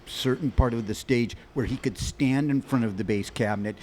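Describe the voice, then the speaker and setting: A man in his sixties, a musician guest on a podcast, telling long anecdotes in quick animated bursts with many restarts. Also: mid-range voice, slight background noise. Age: 60s. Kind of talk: rambling storytelling in an interview.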